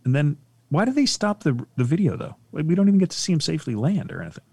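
A man chatting casually with friends while reacting to a video, animated and given to acting out little voices as he spins theories. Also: fairly high pitch, rapid-fire, creaky, husky, no room sound. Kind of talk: casual banter.

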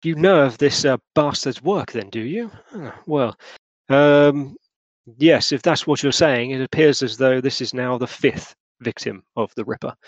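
A man plays a pompous Victorian gentleman, fussy and overly polite, stumbling over his words in a tabletop game. The voice is close and dry. It rises eagerly when he takes charge. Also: mid-range voice, unhurried, no echo, dull audio, lightly acted.

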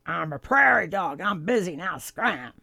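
A woman's voice: mid-range voice, moderate pace, no echo, studio quality, lightly acted. A woman voicing a grumpy, impatient male prairie dog who grumbles and answers curtly in a storybook reading. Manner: grumbling, curt.

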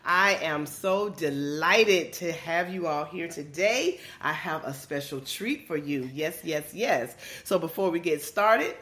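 A Georgia woman hosts a podcast in a low, animated voice with a fairly bright tone. She addresses listeners as "y'all" and speaks casually, with a drawn-out, emphatic delivery.

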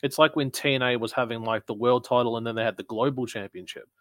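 A man's voice: medium pitch, fairly even intonation, fast talker, fairly bright tone, dry recording. A man co-hosting a casual wrestling chat, talking things through in an analytical, explaining way. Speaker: podcast co-host.

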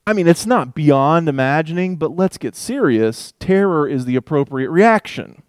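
A man teaching a Bible passage in a relaxed, conversational way, reading verses aloud and thinking out loud with asides. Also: fairly high pitch, moderate pace, hardly any pauses, dry recording, studio quality. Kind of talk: casual Bible study talk with scripture reading.

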